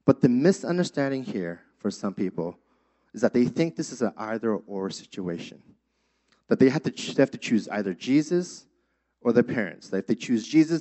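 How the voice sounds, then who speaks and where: A man's voice: mid-range voice, dark tone. A young man preaching a sermon as a pastor, in an easy conversational way with frequent fillers. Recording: dull lo-fi sound.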